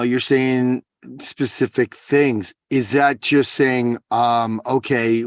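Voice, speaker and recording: Man, podcast host, mid pitch, halting questions, dry sound. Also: dry recording. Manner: reactive, hesitant questioner with fillers. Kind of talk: casual interview.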